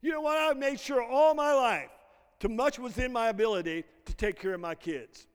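A man's voice: extremely high pitch, moderate pace, clear, resonant tone. A middle-aged male pastor preaching a sermon, drawing call-and-response answers from the congregation. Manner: call-and-response, prompting the congregation to finish lines. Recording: long reverb of a large hall.

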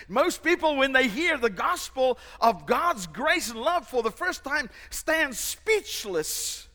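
A male pastor preaching a sermon, emphatic and dramatic, shouting at the peaks. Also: very high voice, sing-song, takes it slowly. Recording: long hall reverb.

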